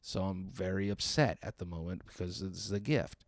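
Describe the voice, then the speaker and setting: In a studio-quality recording free of echo, a deep-voiced man speaking at a moderate pace retells a stand-up story. He sounds exasperated and sarcastic, voicing the characters through acted-out quotes.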